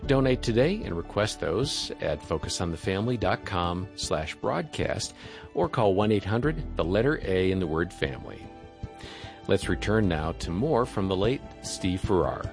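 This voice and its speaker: A man's voice: low-pitched, expressive, moderate pace, vocal fry. A man reading a scripted radio announcement that points listeners to a donation offer. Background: music.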